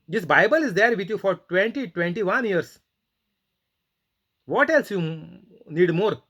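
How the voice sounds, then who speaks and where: A man preaching a sermon, reading Bible verses and leading prayer, with many pauses and fillers. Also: sits high, lively intonation, a bit bright, breathy edge. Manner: halting, many fillers, emphatic rebukes.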